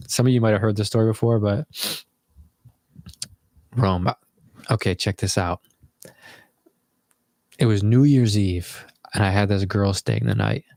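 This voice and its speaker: A man's voice: fairly low pitch, darkish tone, no echo, studio quality. A young man telling a rambling, casual story to viewers from his bedroom, swearing freely as he goes. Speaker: vlogger.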